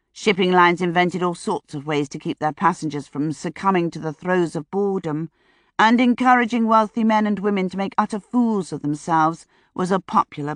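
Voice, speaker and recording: A woman narrating a first-person audiobook in a measured, dryly wry manner, close to the mic. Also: lowish voice, a bit bright, no room sound.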